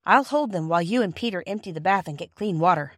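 A woman playing a thoughtful, grown-up-minded girl who speaks gently and a little primly. The voice is dry and close, as in a children's audiobook. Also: lowish voice, expressive, fast talker, no room sound. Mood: earnest. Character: earnest, careful eldest girl.

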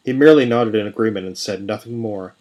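A man narrating a scripted fantasy story in a measured, even reading. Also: fairly low pitch. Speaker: podcast storyteller.

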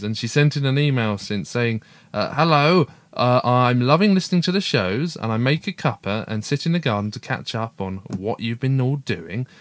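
A man's voice: medium pitch, dry recording. A middle-aged man hosting a homely podcast, chatty and cheerful as he works through listener messages. His voice sits mid-range and is recorded close and dry, with no room sound. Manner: chatty, upbeat, reads listener emails aloud. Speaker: podcast co-host, father. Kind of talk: casual family podcast chat.

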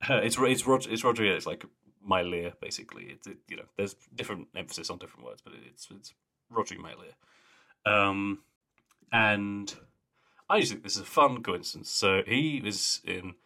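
A man's voice: lowish voice, expressive, moderate pace, bright, forceful tone. A young man co-hosting a podcast, chatting casually with laughs and trailing mumbles. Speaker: podcast co-host. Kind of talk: casual chat.

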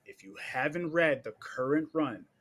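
A man's voice: a little high, expressive, moderate pace, fairly bright tone. A man co-hosting a podcast, recommending comics in an enthusiastic, emphatic casual way. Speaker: podcast co-host.

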